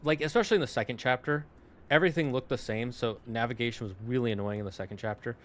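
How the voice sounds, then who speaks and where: A man's voice: mid-range voice, fast talker. A young man streaming, chatting casually and rambling, often correcting himself and breaking off into asides to chat.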